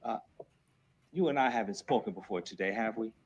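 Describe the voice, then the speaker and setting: A man with a New Jersey accent questioning a witness in a courtroom, hurried and friendly. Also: on the low side, slightly rough, muffled recording. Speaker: defense attorney.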